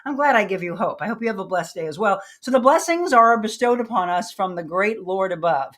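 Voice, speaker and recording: A woman's voice: medium pitch, expressive, fairly quick. Upbeat woman hosting a live workout. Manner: chatty, upbeat, laughs often, counts reps aloud. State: out of breath. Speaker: fitness show host. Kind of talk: live-streamed workout chat with viewers.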